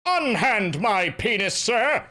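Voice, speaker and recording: A man impersonating an indignant, pompous man protesting his arrest, speaking slowly and theatrically. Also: high voice, big pitch swings, sharp tone, voice pushed up, exaggerated voice. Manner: slow, theatrical and outraged.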